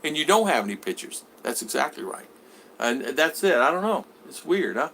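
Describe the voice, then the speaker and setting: A man chats casually on a home livestream. His voice is bright and forward, and he reads comments aloud, then answers them. He rambles, restarts his sentences and repeats his words. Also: a little high, big pitch swings, moderate pace, creaky, slight background noise. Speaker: vlogger reading live chat.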